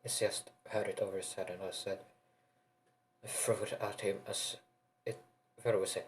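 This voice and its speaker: A man narrating an improvised fan story in a rambling, halting way, often restarting his sentences. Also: on the low side, flat delivery, slight background noise, low-quality recording.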